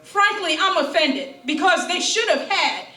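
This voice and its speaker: A woman's voice: very high-pitched, sing-song, unhurried, sharp tone, far from the mic. A middle-aged woman, a grieving mother, giving impassioned public testimony at a town hall, emphatic and full of rhetorical questions. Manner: emphatic, rhetorical questions, quotes opponents mockingly. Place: town hall meeting room. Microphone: distant room mic. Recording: echoey hall, speaker heard from afar. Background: faint crowd murmur.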